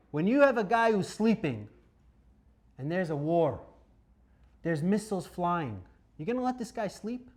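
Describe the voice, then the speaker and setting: A man teaching a Torah class lectures dramatically, alternating loud outbursts with quiet asides and posing questions to his listeners. His voice sits high.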